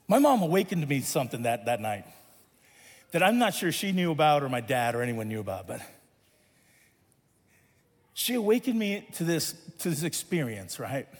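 Male pastor, Southern California, animated and playful storyteller, high-pitched, long church reverb. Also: normal speed, long pauses. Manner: animated, playful, laughs at his own story. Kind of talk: sermon storytelling.

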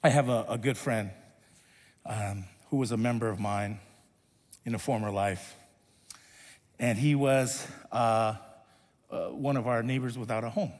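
A man's voice: medium pitch, a little slow, long pauses, darkish tone, in a large hall. A male pastor preaching a sermon, stretching refrains into half-sung lines.

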